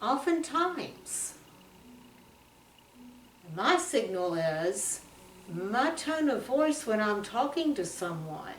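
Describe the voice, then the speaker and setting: Church-class woman, slow friendly chat, far from the mic in a reverberant room. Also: a little high, very animated, slight background noise. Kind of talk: casual chat. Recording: echoey room, voice from afar.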